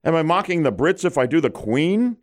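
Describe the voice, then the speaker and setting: In a radio studio, a middle-aged man hosts a morning show, his voice a little high with big pitch swings and a brisk pace. He mixes wry, self-mocking banter with news reading, captured on a studio microphone.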